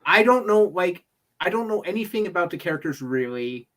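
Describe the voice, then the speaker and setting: Casting note man, a bit higher-pitched, wry panelist weighing in on a film in a casual chat. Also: lively intonation, brisk, a bit bright. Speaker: movie review panelist.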